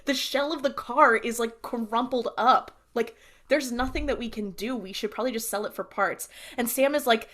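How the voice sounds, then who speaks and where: Young woman podcast co-host, casual recap, slightly high voice, animated delivery acting out lines. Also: fairly quick. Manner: animated, acts out characters' lines while recapping.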